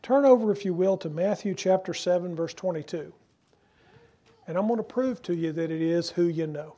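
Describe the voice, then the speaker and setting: High, husky preacher man. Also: mellow. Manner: earnest preaching with emphatic slow phrases and rhetorical questions. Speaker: pastor. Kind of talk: sermon.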